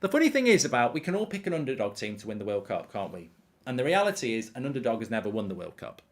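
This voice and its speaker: A man's voice: mid-range voice, very animated, fast talker. A man hosting a live football watchalong, chatty and rambling with lots of ums. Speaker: host.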